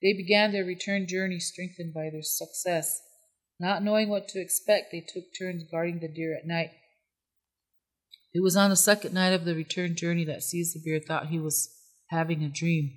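A storyteller calmly reading a folk tale aloud at a measured pace. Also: medium pitch. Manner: calm, measured. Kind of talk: scripted story narration.

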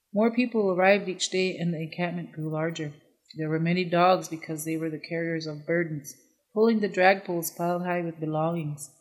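A narrator reading a storybook aloud in an even, unhurried way. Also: medium pitch, rough recording.

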